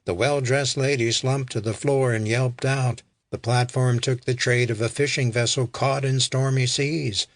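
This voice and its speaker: A man reading an audiobook in a slow, deliberate manner. His voice sits at a middling pitch, and the recording is dry and close. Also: dry recording. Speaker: audiobook narrator. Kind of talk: scripted narration.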